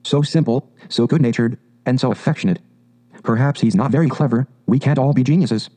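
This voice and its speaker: A man voicing a cheerful, good-natured male water rat from a storybook, talking in a brisk, hearty, chatty way. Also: mid-range voice, warm tone, natural voice, rough recording.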